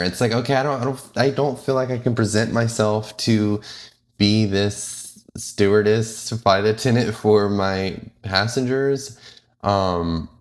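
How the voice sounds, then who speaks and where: Man, deep voice, flight attendant, casual vlog chat, rambling, candid. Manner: rambling and candid, full of fillers and self-corrections.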